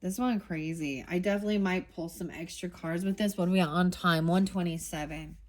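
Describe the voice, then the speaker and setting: A woman's voice: fairly low pitch, steady tone, brisk, a little mellow. A woman giving a casual tarot reading, talking bluntly and getting heated, with swearing and many restarts. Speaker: tarot reader.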